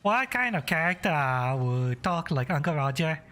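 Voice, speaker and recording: A man's voice: a little high, very animated, measured pace, bright, forceful tone. A man streaming a game, talking casually in rambling, swearing asides to his chat. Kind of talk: casual live-stream commentary.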